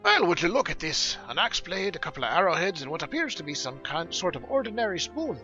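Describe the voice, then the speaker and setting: A man's voice: a little high, sing-song, fast talker, highs cut off, over music, voice pushed up. A man voicing a curious male dwarf researcher from a game, in a put-on dwarf brogue. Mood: delighted. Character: scholarly male dwarf digger, eager and curious.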